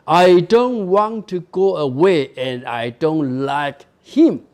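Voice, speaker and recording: An unhappy, reluctant young girl, read aloud by a man lecturing on a novel. The voice sits fairly high and swings widely in pitch. It is unhurried and plaintive. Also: animated, darkish tone. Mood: unwilling.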